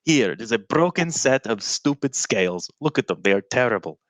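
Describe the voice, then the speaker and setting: A man's voice: mid-range voice, expressive, moderate pace, dry recording, lightly acted. A man voicing a testy, sarcastic male adventurer in a tabletop role-play, grumbling complaints in character. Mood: exasperated.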